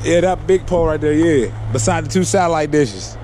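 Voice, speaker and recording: A man's voice: fairly high pitch, fairly quick. A man vlogging casually to his camera while grilling in the backyard with his kids, chatty and teasing. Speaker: family vlogger and dad. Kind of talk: casual vlog chat to camera. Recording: outdoor noise with passing trucks.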